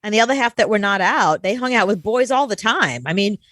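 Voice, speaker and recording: A woman's voice: medium pitch, lively intonation, brisk, a bit bright, no echo, clean studio sound. A woman co-hosting a casual talk show, telling candid personal stories and laughing often. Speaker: co-host. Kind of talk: casual chat.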